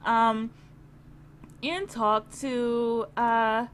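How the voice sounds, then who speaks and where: A young adult woman giving chatty game commentary, full of fillers and quick giggles. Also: on the high side, fairly even intonation, slight background noise. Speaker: gaming video creator.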